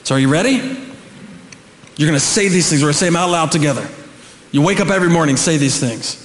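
A middle-aged man with a high voice preaches an animated sermon. He builds to shouts and drops in joking asides. The sound rings with long reverb through a church hall. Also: quick pace. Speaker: pastor. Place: church sanctuary.

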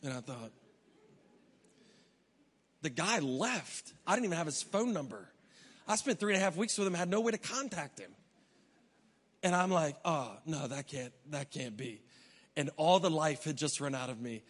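A man's voice: on the high side, big pitch swings, normal speed, long pauses. A man preaching a sermon, telling a travel story with humor and acting out his own reactions. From United States. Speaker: pastor. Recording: long reverb of a large hall.

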